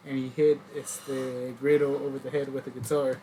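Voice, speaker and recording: A man chatting on a casual podcast, slipping fillers into his English. His voice sits at a medium pitch. Faint background noise runs underneath. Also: level tone, moderate pace, mellow, rough recording. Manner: switches into Spanish fillers mid-sentence. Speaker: podcast co-host. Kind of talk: casual chat.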